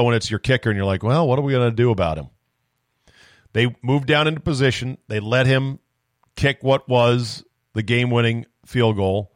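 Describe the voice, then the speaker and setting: A man hosting a solo sports podcast, telling loose, profane, animated stories close to the mic. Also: mid-range voice, no room sound. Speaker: podcast host.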